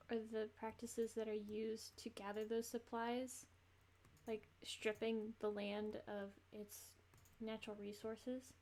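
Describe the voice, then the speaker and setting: A woman streaming a game and chatting along in a loose, rambling way, often breaking into little laughs. Her voice sits a bit on the high side. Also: darkish tone. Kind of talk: casual gameplay commentary.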